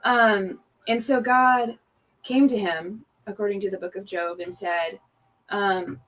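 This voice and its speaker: A woman's voice: mid-range voice, steady tone, takes it slowly, a bit bright. A young woman leading worship, chatting casually about a song between sets with many fillers and easy laughs. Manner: chatty, lots of "um" and "like", laughs easily. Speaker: worship leader. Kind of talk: casual devotional talk between songs.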